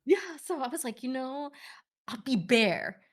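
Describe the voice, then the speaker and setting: A woman's voice: high voice, sing-song, unhurried. A woman in her thirties, a guest streamer in casual chat, talking in a chatty way with many fillers and frequent laughs. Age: 30s.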